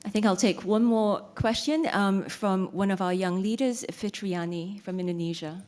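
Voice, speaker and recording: A woman's voice: medium pitch, moderate pace, a little mellow. A woman moderating a conference session, briefly and politely calling on speakers. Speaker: session chair. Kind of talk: moderating a panel.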